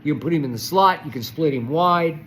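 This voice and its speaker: An older man hosting a solo sports commentary, ranting with passion and swinging from loud outbursts to soft muttering. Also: a little high, brisk, a little hiss or hum, rough recording. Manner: impassioned, swings between shouting and soft muttering. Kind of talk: solo sports rant to camera.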